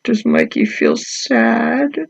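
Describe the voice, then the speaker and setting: A woman author reading her picture book aloud to children, gently asking them questions as she goes. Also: a little high, very slow, creaky, breathy edge, lo-fi sound. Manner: animated storyteller.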